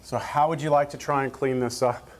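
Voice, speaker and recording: A man's voice: mid-range voice, steady tone, a little fast. A man teaching a math class, explaining each step and checking in with the students. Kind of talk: classroom lecture.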